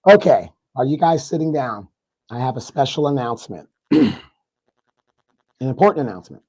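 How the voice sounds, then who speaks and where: A man with a congested, hoarse voice, guesting on a livestream discussion and ranting in mock outrage. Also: medium pitch, lively intonation, moderate pace, a little mellow, low-quality recording. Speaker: guest commentator.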